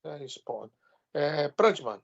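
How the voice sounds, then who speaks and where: Husky woman host, lively pitch. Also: normal speed, highs cut off. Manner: brief, introduces callers. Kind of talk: phone-in hosting.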